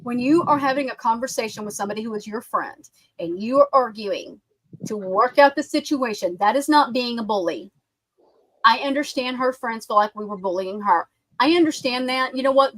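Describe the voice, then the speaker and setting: Brisk and fairly high-pitched, this Southern US woman talks bluntly on her livestream, swearing heatedly in casual chat. The recording is rough but has no echo.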